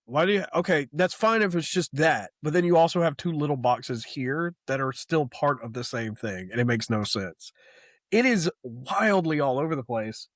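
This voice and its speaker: Animated, cussing young podcast host. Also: male voice, fairly high pitch, normal speed, no echo, studio quality. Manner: animated, profane, mocks characters in quoted asides. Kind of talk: casual comic book chat.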